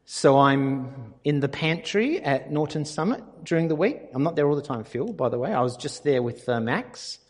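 A man's voice: a little high, lively intonation, normal speed, hardly any pauses, husky. A man preaching a conversational, anecdotal sermon in a reverberant church hall. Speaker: pastor.

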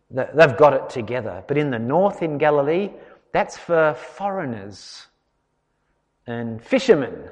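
A man preaching a sermon in an expressive, conversational way, chatting with his congregation as he explains the passage. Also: mid-range voice, in a large hall. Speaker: pastor.

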